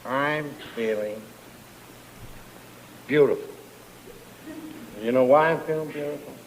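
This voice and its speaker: An actor playing a drunk, boastful middle-aged man in a 1950s sitcom, with slurred, drawn-out speech. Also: medium pitch. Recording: old TV audio, roomy with faint hiss.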